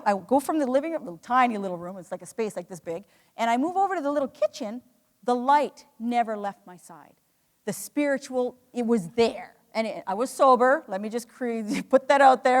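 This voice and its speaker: Speaking fairly quickly in a slightly high, expressive voice, a woman addresses a live audience in a hall with heavy echo. Her motivational talk is earnest and emotional, and she often restarts as she shares her story.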